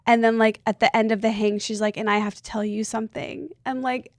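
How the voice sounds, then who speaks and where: A woman's voice: medium pitch, monotone, fast talker, no room sound. A woman in her thirties, a podcast guest, telling a personal story in a rambling, earnest way full of "like". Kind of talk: casual chat, personal storytelling.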